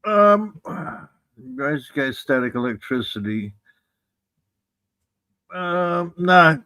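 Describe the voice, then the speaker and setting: A man with a notably high voice joins a casual live stream as co-host. He talks in a teasing, joking way, dropping wry asides as he goes. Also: big pitch swings, drawn-out words, sharp tone, clear, resonant tone.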